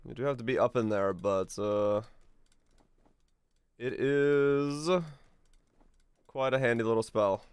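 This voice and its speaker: A man's voice: mid-range voice, takes it slowly, long pauses, clear, resonant tone, no room sound. Laid-back male streamer humming along. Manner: relaxed, hums to himself, chuckles. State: voice a bit off today. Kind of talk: casual gameplay commentary.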